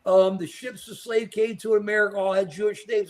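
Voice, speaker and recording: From his home in New York, a man co-hosts a live political chat show, speaking animatedly and shouting out viewers by name. His voice sits high, his speed is normal, and he barely pauses.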